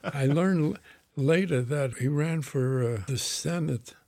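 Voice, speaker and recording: A man's voice: on the high side, measured pace, darkish tone, no room sound. A man in his nineties, a guest in an interview, telling a long anecdote with restarts and chuckles. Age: 90s. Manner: rambling with restarts, chuckling as he tells stories.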